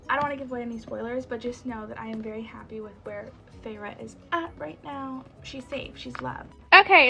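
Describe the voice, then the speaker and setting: A woman vlogger chatting casually on camera, excitable and rambling as she gushes over what she has read. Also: on the high side. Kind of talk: casual reading vlog chat.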